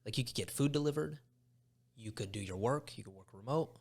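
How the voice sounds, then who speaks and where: A man on a podcast giving a measured, reflective take in casual conversation. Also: medium pitch, gravelly, breathy edge. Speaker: podcast guest.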